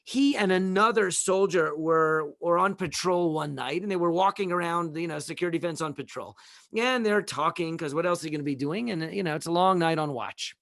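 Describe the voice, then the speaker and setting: A man's voice: on the high side, brisk, gravelly, a bit bright, dry recording, studio quality. A man hosting a live talk show, speaking in a casual, folksy way, rambling with many restarts and repeated words. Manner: conversational, folksy. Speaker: host.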